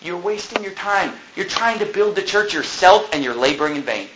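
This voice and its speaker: A young man preaching a fiery sermon, joking one moment and shouting the next. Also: high voice, expressive, a little fast, dull audio. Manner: impassioned, swings between joking and shouting.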